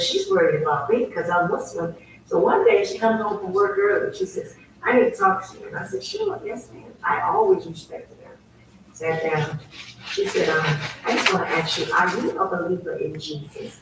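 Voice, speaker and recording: A woman telling a personal story as a guest, emphatic and animated. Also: medium pitch. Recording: very echoey, distant, faint ambient noise.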